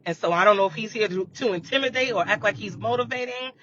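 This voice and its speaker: A man's voice: fast, sharp tone. A man hosting a casual live chat, rambling about current events and checking in with viewers with "you know what I mean". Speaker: livestream host. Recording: muffled lo-fi audio with faint rumble.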